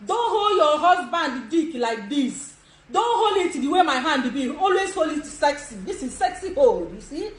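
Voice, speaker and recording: A Nigerian woman in her sixties gives bold, chatty instructions and laughs often. Her voice is high, and it rings around an echoey room. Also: very animated, normal speed. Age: 60s. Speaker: live video host. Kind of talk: social media live demonstration.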